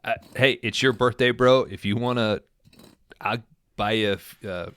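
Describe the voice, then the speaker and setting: A man's voice: medium pitch, fairly even intonation, normal speed, a bit bright, clear, resonant tone, no echo. A man co-hosting a podcast, laid-back with crude jokes and casual chat. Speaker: podcast co-host. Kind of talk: casual banter.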